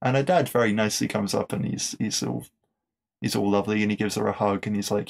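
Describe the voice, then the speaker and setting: A podcast host gives a casual episode review, chatting with enthusiasm in a lowish, creaky voice. He talks fast with fairly even intonation, using lots of fillers and restarts and laughing at his own jokes.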